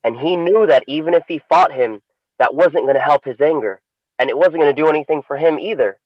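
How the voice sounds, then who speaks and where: A man co-hosting a podcast, telling a story in a casual, animated way. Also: fairly quick, no room sound, muffled recording. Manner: animated storyteller, swings pitch for emphasis. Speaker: podcast co-host.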